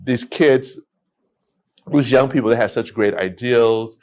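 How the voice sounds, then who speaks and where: A man, a podcast guest telling stories in a lively way with many restarts. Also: mid-range voice, measured pace. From United States. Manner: animated storytelling with many restarts. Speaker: guest, immigration attorney. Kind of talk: casual podcast conversation.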